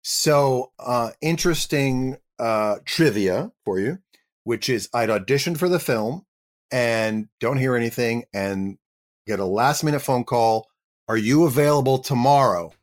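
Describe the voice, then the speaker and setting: A middle-aged Canadian man, a guest actor telling a lively anecdote in an interview and acting out the voices of the people in it. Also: medium pitch, measured pace. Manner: animated storyteller acting out quoted voices.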